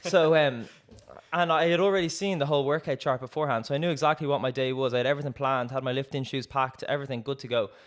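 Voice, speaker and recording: A man's voice: medium pitch, quick pace, few pauses. A young man, a podcast co-host telling a story in casual chat, acting out quoted dialogue with frequent laughs. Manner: lively, acts out quoted dialogue, laughs often.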